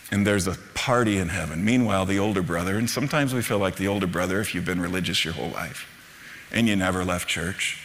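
A man's voice: deep voice, quick pace, fairly bright tone, big-room sound. A middle-aged man, a Lutheran pastor, preaching a storytelling sermon that builds to fervent emphasis. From United States.

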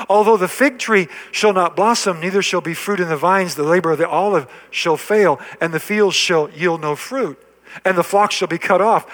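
A man's voice: high voice, fairly bright tone. A man preaching a sermon as pastor, building to emphatic, repeated lines and dropping to a near-whisper at the ends of phrases. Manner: preaching with rising emphasis and repetition. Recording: long hall reverb.

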